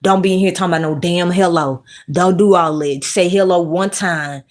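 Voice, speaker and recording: A woman vlogger talks in a lilt. She rants bluntly and profanely. She keeps an animated, opinionated flow and snaps at her chat. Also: on the low side, normal speed. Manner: reads live chat and scolds viewers. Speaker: commentary vlogger. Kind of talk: casual opinionated commentary.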